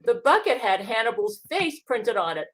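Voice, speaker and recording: A woman's voice: fairly high pitch, sing-song, moderate pace. A woman reading aloud her own comic story, narrating with shifting emphasis.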